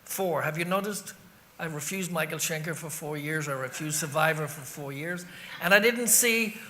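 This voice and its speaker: A middle-aged Irish man, a rock singer being interviewed, telling animated stories that wander off on tangents and act out scenes with sound effects. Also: a little high, a little hiss or hum. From Ireland. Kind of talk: anecdotal interview storytelling.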